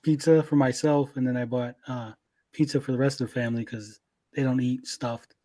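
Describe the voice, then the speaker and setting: A man's voice: mid-range voice, fairly even intonation, fairly quick, warm tone. A man hosting a casual stream chat, laid-back and reading chat comments aloud with casual swearing. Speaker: podcast host.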